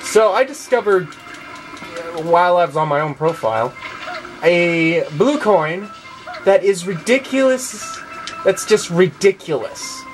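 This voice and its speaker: A man's voice: high-pitched, expressive, a little slow. A man giving sarcastic, profanity-laced commentary while playing a video game. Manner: sarcastic, swears often. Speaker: let's play gamer. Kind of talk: gameplay commentary. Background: video game music.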